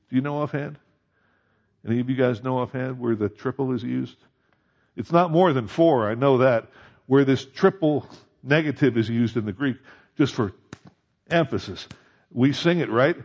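A man's voice: mid-range voice, a little mellow, dull audio. A male pastor preaching a conversational sermon, rising to emphatic peaks on key points.

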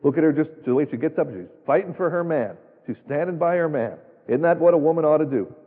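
Folksy, emphatic male preacher, husky, heard through a long church echo. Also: fairly high pitch, expressive, fast talker. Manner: folksy, emphatic, rhetorical questions. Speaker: pastor. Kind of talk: sermon. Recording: tinny phone-like sound, long hall reverb.

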